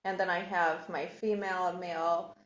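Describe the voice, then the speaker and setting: A woman telling her own life story in a casual, reflective monologue, halting and searching for words. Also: on the low side, little pitch movement. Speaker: podcast host sharing personal story. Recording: echoey room.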